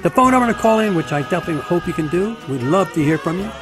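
A man's voice: sits high, expressive, racing, over music. A man welcoming listeners back to a radio show and reading out the call-in number in an upbeat, inviting way. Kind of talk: announcing phone number.

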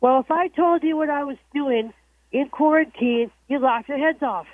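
A woman chats with a radio show over a tinny, dry phone line. Her voice is very high. She jokes around and often starts her sentences over. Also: moderate pace, dry recording. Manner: chatty, jokey, restarts sentences. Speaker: caller. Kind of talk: casual call-in chat. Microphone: telephone.

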